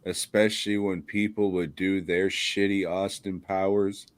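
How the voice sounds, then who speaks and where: A man's voice: low-pitched, flat delivery, measured pace, dry recording. A man co-hosting a podcast, ranting bluntly with lots of swearing and laughter. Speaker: podcast co-host. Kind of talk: casual podcast chat.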